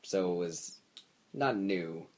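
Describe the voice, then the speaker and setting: A man's voice: low voice, lively intonation, slow, slight background noise. A young adult man co-hosting a podcast in casual chat, laid-back and hesitant, searching for his words. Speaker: podcast co-host.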